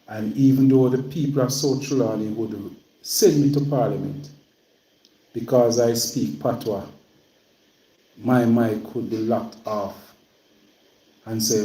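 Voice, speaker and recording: A man's voice: mid-range voice, fairly even intonation, takes it slowly, pauses often, dark tone, echoey room, low-quality recording. A Jamaican man hosting a livestream, speaking plainly and repeating himself when stirred. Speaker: livestream host. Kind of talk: casual livestream talk.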